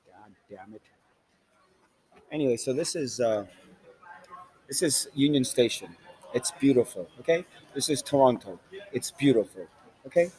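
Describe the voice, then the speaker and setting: A man's voice: mid-range voice, animated, normal speed, pauses often, darkish tone, low-quality recording. A man vlogging in a rambling, profane monologue with street slang, recorded on a handheld phone inside a large train station.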